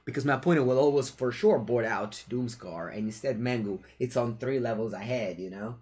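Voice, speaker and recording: This streamer, a man with an Italian accent, calls his own card game live in a medium-pitched, darkish voice at a moderate pace. Playful throughout, he chats with the audience and needles his opponent.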